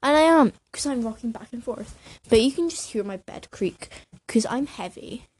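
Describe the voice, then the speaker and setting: Sitting on a creaky bed in her bedroom, a young woman vlogger rambles in a casual vlog, hyper and scattered, with fillers, restarts and a little breathlessness. Her expressive voice is on the high side, darkish and slightly rough, at a moderate pace. It is a noisy home recording.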